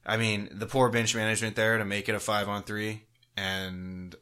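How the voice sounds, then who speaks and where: A man co-hosting a casual sports podcast, laid-back and quick to laugh, with blunt swearing. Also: on the low side, flat delivery, sharp tone, clean tone. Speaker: podcast co-host. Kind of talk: casual chat.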